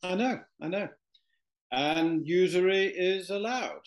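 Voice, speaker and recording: A high-pitched man, speaking slowly, is a guest in an interview, telling a long anecdote in conversation. His story rambles, packed with fillers and restarts.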